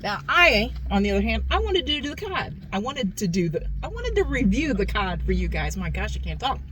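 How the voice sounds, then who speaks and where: A woman's voice: mid-range voice, very animated, fairly quick, background noise. A woman hosting a casual food review vlog, chatty, repeating herself and calling her viewers "guys". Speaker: food review channel host.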